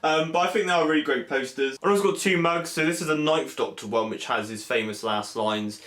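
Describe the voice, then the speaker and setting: A young man from England chatting excitedly in a casual vlog, full of fillers and animated asides. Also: medium pitch, fairly quick. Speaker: vlogger. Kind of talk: casual convention recap vlog. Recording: echoey room.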